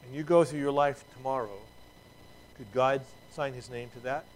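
A man's voice: on the high side, rough recording. A middle-aged man preaching a sermon in a conversational way, with asides and restarts and emphatic peaks. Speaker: pastor.

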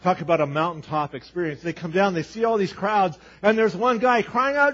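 A man's voice: high voice, fairly quick, few pauses, fairly bright tone, muffled recording. A man preaching a sermon as pastor, emphatic, acting out Bible voices as he tells the stories.

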